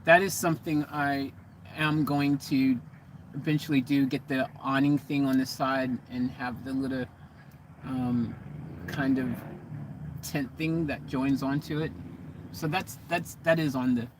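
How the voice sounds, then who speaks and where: American man, vanlife vlogger, casual and rambling, medium pitch, faint vehicle noise behind. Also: steady tone, measured pace. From United States. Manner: chatty, meandering, self-correcting. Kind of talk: casual chat to camera. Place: living in a vehicle.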